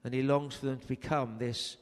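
A man's voice: medium pitch, little pitch movement, a little fast. A man preaching a sermon, telling a story earnestly and raising his voice for emphasis. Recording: long hall reverb.

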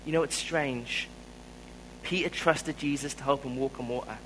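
A man with a South African accent preaching a sermon, telling a personal story in an earnest way and growing louder when he stresses a point. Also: mid-range voice, moderate pace, a little hiss or hum, rough recording.

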